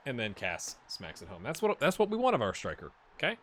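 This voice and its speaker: A man hosting a gaming channel, talking through a football management game in casual let's-play commentary, slangy and joking, cheering players on with loud outbursts. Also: medium pitch, fast, hardly any pauses. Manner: excitable, talks to players in the game, loud outbursts when goals come; slangy and joking, trails off into mumbles.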